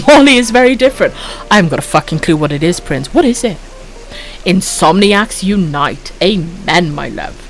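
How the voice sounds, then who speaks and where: A woman's voice: fairly low pitch, animated, normal speed, soft background music. A Welsh woman in her thirties chatting casually on a late-night stream, swearing freely and calling viewers pet names. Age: 30s. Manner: foul-mouthed, affectionate, reads chat aloud, giggly.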